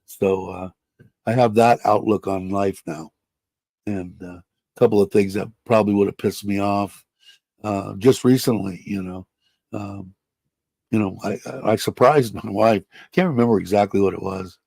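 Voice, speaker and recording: A man's voice: on the low side, steady tone, normal speed, gravelly, darkish tone, no room sound. An older retired man chatting casually on his livestream, rambling and blunt, swearing freely and laughing often. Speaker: livestream host. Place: home in Thailand.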